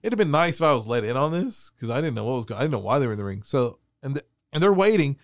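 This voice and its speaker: A man telling a story on a podcast in a casual, animated way, laughing and acting out the voices of people in his anecdotes. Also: mid-range voice, racing, dry recording, clean studio sound. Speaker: wrestling referee telling a story.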